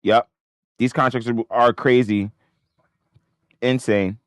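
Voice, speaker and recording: A man's voice: mid-range voice, fairly even intonation, slow pace, clear, resonant tone, dry recording, studio quality. A man narrating his own trading live, swearing and repeating himself in disbelief at the numbers. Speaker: options trader.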